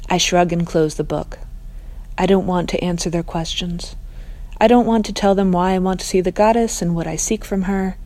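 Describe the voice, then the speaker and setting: Woman narrating a story, lower voice, calm steady reading. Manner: calm, measured reading, voicing dialogue. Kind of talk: first-person audio story reading.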